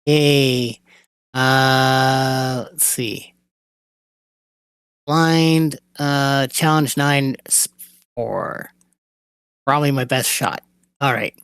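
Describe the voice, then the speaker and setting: A man's voice: mid-range voice, drawn-out words, long pauses, fairly bright tone, smooth, no echo, clean studio sound. A man playing a tabletop game, weighing his options aloud over dice. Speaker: player.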